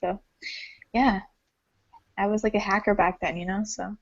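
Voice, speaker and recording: A woman's voice: mid-range voice, fairly even intonation, normal speed, vocal fry. A woman in her late teens, rambling and giggling through stories in a casual group chat on a cell phone. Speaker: community call participant. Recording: dull lo-fi phone audio.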